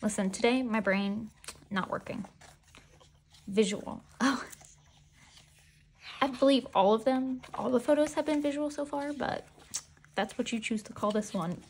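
A woman vlogger giving excitable, gushing commentary as she unboxes merchandise and talks back to the photos. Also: a little high, a little slow, pauses often, a little hiss or hum.

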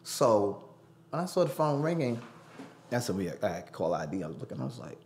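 A man's voice: fairly low pitch, brisk, a little hiss or hum. A man telling a personal story as a studio guest, acting out the voices he quotes. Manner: animated, acts out quoted voices. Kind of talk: storytelling interview.

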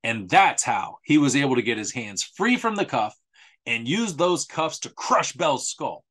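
A man's voice: mid-range voice, very animated, a little slow, fairly bright tone. A man presenting a history talk in a casual, sarcastic, conversational way, often repeating himself for emphasis. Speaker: author presenting a history series.

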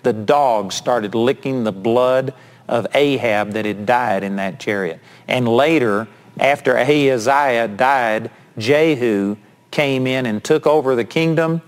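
A man's voice: medium pitch, slow pace. A male preacher retelling a Bible story in a sermon, acting out the quotes as he tells it.

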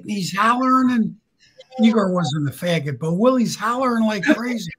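A man, a guest telling profane, animated anecdotes and acting out the people in them. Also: sits high, moderate pace, breathy edge, poor audio. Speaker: guest storyteller. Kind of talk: casual storytelling.

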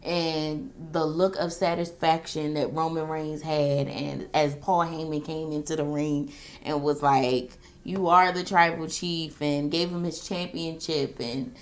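A woman vlogger talks straight to her viewers while doing her makeup. She tells the story in an animated, dramatic way and breaks into the voices of the people involved. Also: deep voice, a little slow. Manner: animated storytelling, quoting wrestlers in a raised voice. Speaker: beauty and wrestling vlogger.

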